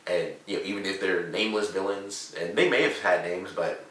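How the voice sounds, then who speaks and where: Excitable rambling man, low voice, roomy echo. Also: a little fast. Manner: excitable, rambling, full of "like" and "you know". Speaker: TV episode reviewer. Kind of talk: casual spoken review. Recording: roomy echo, distant from the mic.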